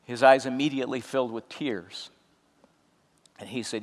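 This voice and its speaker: A middle-aged man giving an inspirational stage talk as a keynote speaker, telling a story in a measured, deliberate way with emphatic pauses. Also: medium pitch, steady tone. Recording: long hall reverb.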